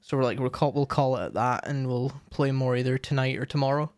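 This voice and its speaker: A man's voice: medium pitch, a little fast, a little mellow, no room sound. Rambling young man, dry mic. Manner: rambling, frequent fillers and restarts. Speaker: streamer and co-host. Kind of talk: casual chat.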